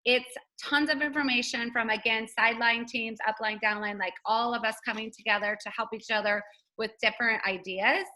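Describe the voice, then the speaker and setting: A woman's voice: fairly high pitch, fairly even intonation, brisk, bright, forceful tone, rough recording. A woman hosting a casual team video call, chatty and upbeat, laughing often.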